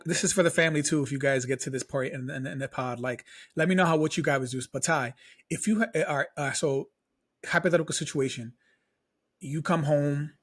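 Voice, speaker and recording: A young man co-hosting a casual podcast chat, talking in an animated way that jumps up in pitch when he gets worked up. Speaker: podcast co-host.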